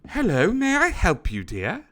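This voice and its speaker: A man voicing a fussy, courtly male elephant gentleman who speaks in a genteel, formal way. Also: high-pitched, huge pitch swings, unhurried, voice pushed up, heavily acted.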